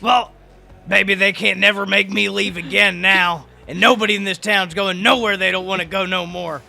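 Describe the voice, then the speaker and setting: A man voicing a boastful, proud father who shouts with excitement, gravelly and bright. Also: high-pitched, moderate pace, faint music behind, exaggerated voice. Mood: excited. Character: loud proud dad, back home.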